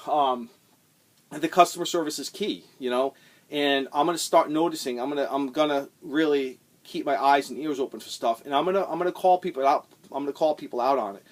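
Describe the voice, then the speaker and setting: A man's voice: fairly high pitch, brisk. A middle-aged man hosting his own vlog, telling a story in a heated, rambling rant, swearing often and repeating himself as he gets worked up. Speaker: channel host.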